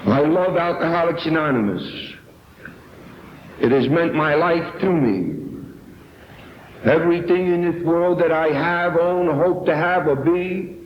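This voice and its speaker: An emphatic man from New York gives a deliberate personal testimony at a recovery meeting, his voice sitting a little high. The old tape sounds dull and carries a roomy echo. A faint hiss sits underneath. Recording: echoey, dull 1970s tape recording.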